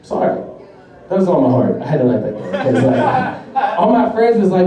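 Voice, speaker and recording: A man's voice: fairly high pitch, sing-song, moderate pace, mellow, lo-fi sound. A young man performing a profane, laughing stand-up comedy routine. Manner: brash, profane, laughing through jokes. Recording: echoey room from far off.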